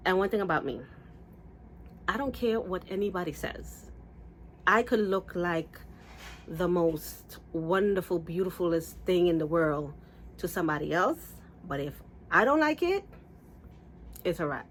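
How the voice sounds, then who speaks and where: A woman's voice: moderate pace, pauses often, slight background noise. A woman vlogger casually telling a story to camera, rambling with restarts and asides. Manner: lively, acts out quotes with big pitch jumps. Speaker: beauty vlogger.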